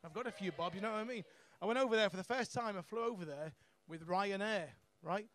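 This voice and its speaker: A high-voiced young man works a comedy club crowd through a handheld mic. He is brash and sweary, and he chuckles at his own punchlines as he goes. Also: fast talker, a bit bright. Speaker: stand-up comedian. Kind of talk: stand-up set.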